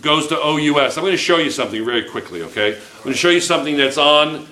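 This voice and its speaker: This chemistry teacher talks fast in a slightly high, animated voice that sounds pushed and bright. Lecturing at the whiteboard, he reasons out loud, restarts and fixes his own mistakes, and keeps asking the students "okay?" He is captured from afar in a classroom full of echo.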